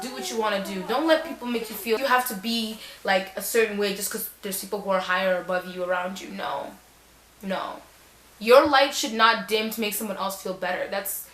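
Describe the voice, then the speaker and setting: A woman's voice: mid-range voice, a bit bright, roomy sound, low-quality recording. A young woman giving casual back-to-school advice in a sassy, chatty way, full of slang and acted-out quotes.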